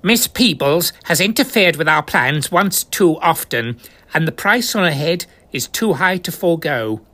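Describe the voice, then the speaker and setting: A man's voice: fairly high pitch, lively intonation, unhurried, pushed and bright, voice pushed up, full character voice. A man voicing a menacing male secret agent in black, who speaks in a clipped, barking way.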